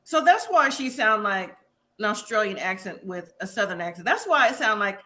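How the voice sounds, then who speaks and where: A woman co-hosting a live review show, chatting casually, animated and laughing often with rhetorical questions. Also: medium pitch, normal speed. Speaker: podcast co-host.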